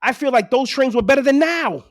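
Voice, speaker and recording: A man's voice: extremely high pitch, animated, a little fast, a little hiss or hum. A New man in his forties ranting profanely and with exasperation as a podcast co-host. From New York City. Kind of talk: casual chat.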